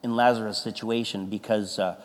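A man preaching a sermon as a pastor, animated and emphatic, stumbling into restarts and breaking into sudden loud exclamations. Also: fairly low pitch, fairly quick. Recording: long reverb of a large hall.

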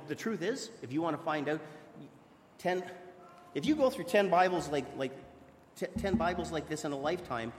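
A pastor with a mid-range voice gives an earnest, conversational sermon in a church hall, frequently beginning his sentences over. Long reverb fills the echoey hall, with slight background noise.

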